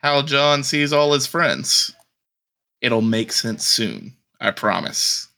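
A man's voice: mid-range voice, expressive, takes it slowly, sharp tone. A man running a tabletop game, speaking in a teasing, secretive way. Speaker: game master. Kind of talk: casual tabletop game chat.

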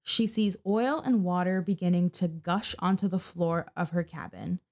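Chatting casually on a podcast she co-hosts, a woman recounts a true-crime case, swearing freely and acting out the people she quotes. Her voice is lowish and darkish, delivered at a moderate pace.

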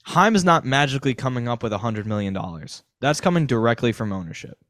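A man co-hosting a casual sports podcast, thinking out loud with a rambling, speculative way of talking. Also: mid-range voice, lively intonation, fast talker, dry recording. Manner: rambling, speculative, many fillers and restarts. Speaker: podcast co-host.

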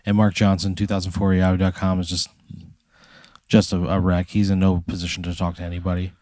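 A man's voice: sits low, completely flat delivery, fairly quick, dark tone, no room sound. A man co-hosting a comedy podcast, telling a long, dramatic hypothetical story in the second person. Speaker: podcast co-host. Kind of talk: comic storytelling.

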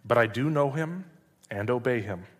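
A man reading as Jesus, an earnest male teacher, speaks in measured, steady phrases at a middling pitch. The voice rings with a long reverb. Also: breathy edge.

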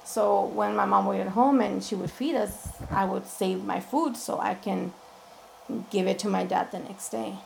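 A woman's voice: mid-range voice, steady tone, moderate pace, gravelly, darkish tone, slight background noise, poor audio. A woman, an interview guest, candidly telling her own story and often quoting what people said. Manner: candid, frank, often quotes people in conversation. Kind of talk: personal storytelling.

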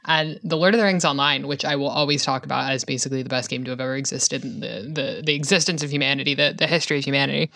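Bright-voiced woman, chatty and laughing. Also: extremely low pitch, very fast, gravelly, few pauses, no echo, studio quality. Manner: laughs often, swears, animated and rambling. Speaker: podcast co-host. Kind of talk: casual chat.

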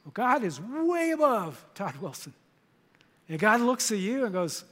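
An older man, a grandfather, preaching a sermon in a church auditorium, animated and leading the congregation in repeated phrases. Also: sits high, unhurried, long reverb tail. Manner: animated, storytelling with congregation call-and-response. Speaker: pastor.

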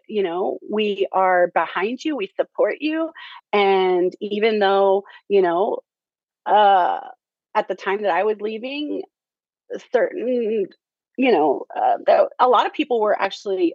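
Woman guest, casual and halting, lots of ums, dry dull-sounding recording. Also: medium pitch, dry recording. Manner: halting, many fillers, laughs often. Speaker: theater teacher, interview guest. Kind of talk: casual interview chat.

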